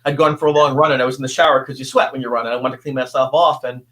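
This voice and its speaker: A man in his fifties, a guest telling a personal story in an earnest, halting way with many restarts. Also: medium pitch, fairly even intonation, fairly bright tone, a little hiss or hum.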